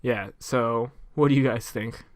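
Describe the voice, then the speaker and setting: A young man on a casual podcast, telling a story in a loose, rambling way and stacking up fillers as he goes. His voice sits at a middle pitch and sounds dry and close, with no room around it. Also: steady tone, measured pace, no room sound. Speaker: podcast co-host.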